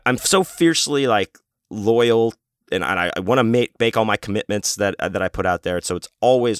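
A man's voice: deep voice, fairly bright tone, dry recording, clean studio sound. A man hosting his own show, telling a rambling story in a casual, profane, self-interrupting way. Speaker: podcast host and author.

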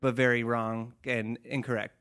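A man's voice: mid-range voice, flat delivery, normal speed, a bit bright, smooth. A man co-hosting a podcast, chatting casually in a rambling way, with many fillers and dry, sarcastic asides. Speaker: podcast co-host. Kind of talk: casual chat.

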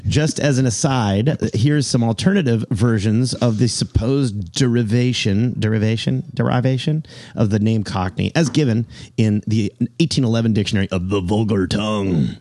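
A man's voice: fairly low pitch, moderate pace, a little mellow, no room sound. A man co-hosting a casual podcast, joking around and reading passages aloud from a website with frequent stumbles. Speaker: podcast co-host.

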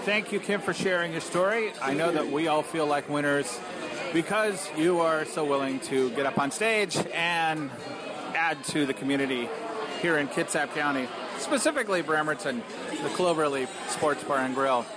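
A man's voice: a little high, normal speed. A man hosting a storytelling night, giving plain, informative closing announcements in a bar. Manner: plain, informative, a few restarts. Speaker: event host. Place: bar venue with a crowd. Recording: live room with crowd noise.

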